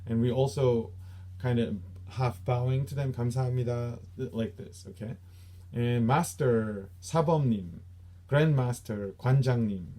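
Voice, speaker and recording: A taekwondo instructor speaking with a Korean accent and a warm, medium-pitched voice patiently explains the Korean words used in training. He repeats each one slowly for his students.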